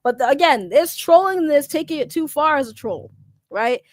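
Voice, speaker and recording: A woman's voice: high-pitched, animated, moderate pace, dry recording, studio quality. A woman streamer reading her chat aloud in casual, blunt, profane talk, congested from a cold and laughing often.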